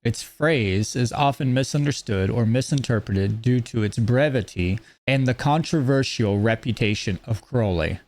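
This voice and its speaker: Male lecturer, mid-pitched, measured and explanatory. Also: a little mellow. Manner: explanatory, measured, reads principles aloud then comments. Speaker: teacher. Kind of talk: lecture on esoteric teachings.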